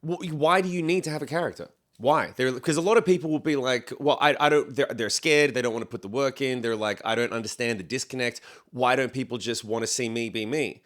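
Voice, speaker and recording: A man's voice: medium pitch, a little fast, few pauses, a bit bright. A man co-hosting a casual podcast, talking bluntly and opinionatedly, swearing and acting out quoted voices. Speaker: podcast co-host. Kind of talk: casual chat.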